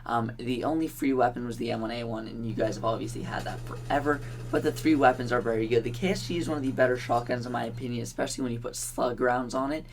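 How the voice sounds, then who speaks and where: A man's voice: mid-range voice, steady tone, fast, hardly any pauses, slight background noise. Chatty young man hosting a gaming channel. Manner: chatty and offhand, with frequent ums and little laughs. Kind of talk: casual gaming commentary.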